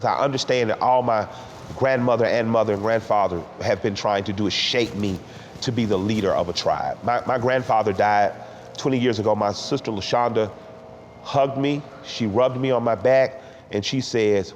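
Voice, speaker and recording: A middle-aged man from Atlanta, talking candidly and emotionally in a sit-down interview, with halting restarts. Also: on the low side. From Atlanta, Georgia. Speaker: interview guest. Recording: roomy hall with faint background noise.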